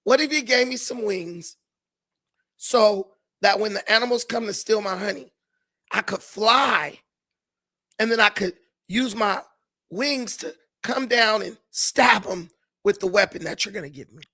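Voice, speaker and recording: A man's voice: sits high, unhurried, pushed and bright, exaggerated voice. A man voicing a boastful male bee guarding his honey, with a swaggering, streetwise manner. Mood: eager.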